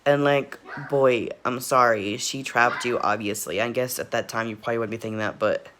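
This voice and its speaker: A man's voice: mid-range voice, fairly even intonation, moderate pace, noisy background. A man casually reacting to a video, rambling, laughing often and repeatedly apologizing.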